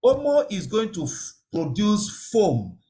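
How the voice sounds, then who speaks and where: Man teaching safety, lively pitch. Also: slow. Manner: explanatory, repeats key words, checks understanding. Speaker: safety trainer. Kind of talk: online lecture.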